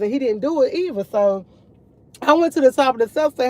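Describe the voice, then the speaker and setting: A woman's voice: high-pitched, lively intonation, fairly quick, warm tone. A woman chatting casually to her viewers over morning coffee, rambling and repeating herself as she tells stories. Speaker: vlogger.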